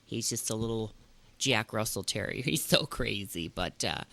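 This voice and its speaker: A man's voice: lowish voice, moderate pace, vocal fry, sharp tone. A man voicing a chatty, motherly older woman from the northern Midwest, rambling with lots of fillers. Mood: folksy chatty.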